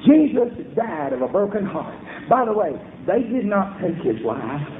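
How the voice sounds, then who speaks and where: Preacher, male, fervent shouter, very high-pitched, thin phone-like echoey recording. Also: very animated, unhurried, a loud crowd. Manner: fervent, shouting in rhythmic bursts, call-and-response style. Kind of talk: revival sermon. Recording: echoey room over a tinny phone-like line.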